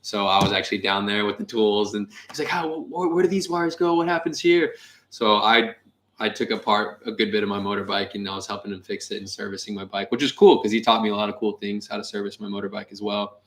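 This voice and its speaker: A young man with a lowish voice co-hosting a livestream. He chats and tells small stories in an easy, relaxed way. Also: fast. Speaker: co-host of a travel channel. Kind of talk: casual livestream chat.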